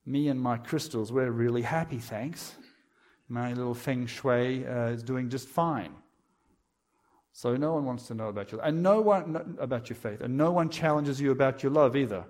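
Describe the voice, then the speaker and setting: A middle-aged man speaking as a guest preacher, giving a testimony sermon in an animated way. He swings between loud emphatic lines and quiet asides and keeps checking in with "okay?". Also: medium pitch, normal speed.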